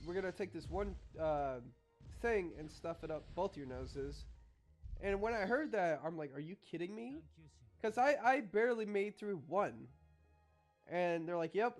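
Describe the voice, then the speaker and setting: A young man with a somewhat high-pitched voice spins a casual, rambling story. He swears freely and acts out both sides of each conversation. Faint music plays quietly in the background. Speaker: vlogger.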